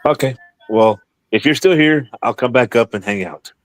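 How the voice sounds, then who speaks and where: A man chatting casually as a guest on a livestream, friendly and relaxed as he signs off. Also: mid-range voice, moderate pace, no room sound, faint music behind. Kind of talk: casual chat.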